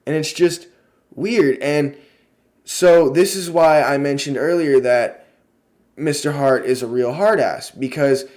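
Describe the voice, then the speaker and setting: A young man in a casual review vlog, excitable and rambling, who swears freely and gushes in spurts. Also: on the high side, takes it slowly. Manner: lots of fillers and restarts in a gushing delivery.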